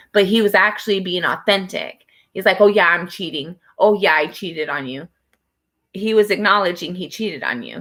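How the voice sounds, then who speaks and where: A woman's voice: mid-range voice, a bit bright. A woman giving a casual tarot reading to camera, talking in a chatty, rambling way with many fillers. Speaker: tarot reader.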